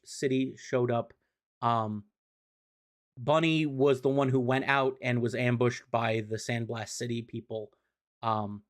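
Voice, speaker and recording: A male streamer talks through a comic storyline in a loose, rambling way, with plenty of swearing and filler words. He sits at a mid pitch and gushes with fan enthusiasm over the writing he likes. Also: a bit bright. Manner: loose and profane, lots of "um" and "like". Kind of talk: casual recap commentary.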